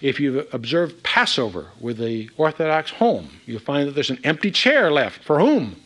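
Animated man teaching the Bible. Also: a little high, moderate pace. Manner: animated, emphatic, reads scripture aloud with asides.

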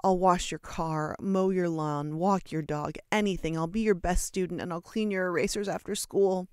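A storyteller voicing a nervous, earnest seventh-grade boy from a storybook, with a gravelly edge. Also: medium pitch, expressive, moderate pace, darkish tone, dry recording, clean studio sound, voice pushed up, natural voice. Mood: pleading. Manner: earnest, flustered, pleading.

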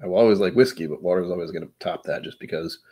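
A man with a slightly low voice talks casually while tasting whiskey on his stream. He rambles and jokes, answering his chat as he goes. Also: rapid-fire, warm tone, husky.

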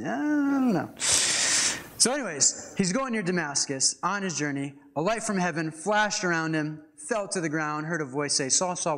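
A young man preaching a casual, animated sermon, reading scripture and adding chatty asides. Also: on the high side. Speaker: pastor.

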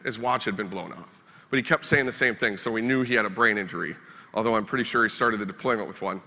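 A man's voice: fairly low pitch, fast, pushed and bright. A man from Minnesota giving a storytelling keynote speech with wry, self-deprecating humor. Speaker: keynote speaker. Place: conference hall. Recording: reverberant conference hall.

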